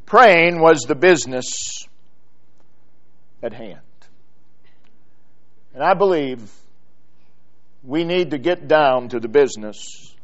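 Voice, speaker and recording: A man preaching a sermon in a church, building from quiet, drawn-out phrases to loud, emphatic repetition. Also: medium pitch, animated, dull audio.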